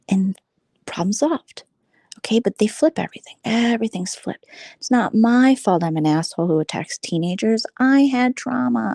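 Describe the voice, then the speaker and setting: A woman's voice: mid-range voice, creaky, warm tone, no echo. A woman vlogger in a casual late-night chat, rambling and gossipy, who keeps dropping into a whisper. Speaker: vlogger host.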